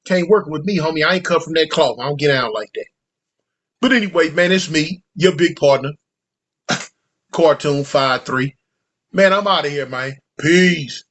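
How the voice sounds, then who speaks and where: Male storyteller, high-pitched, loose and slangy, acts out every quoted line. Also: measured pace, fairly bright tone. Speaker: storyteller recounting prison life. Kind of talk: casual storytelling monologue.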